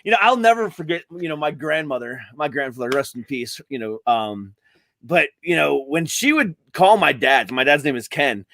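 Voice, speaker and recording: A man's voice: on the high side, lively intonation, moderate pace, no echo, studio quality. A man co-hosting a casual podcast chat, swearing and joking, with family roots in Ohio. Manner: swearing, joking, does loud voices of relatives. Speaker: podcast co-host.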